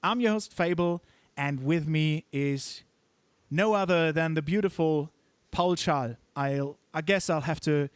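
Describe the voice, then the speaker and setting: A man's voice: a little high, measured pace, clear, resonant tone, no echo. A man from Germany hosting a casual live-stream chat, laughing often and stumbling over his words. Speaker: host.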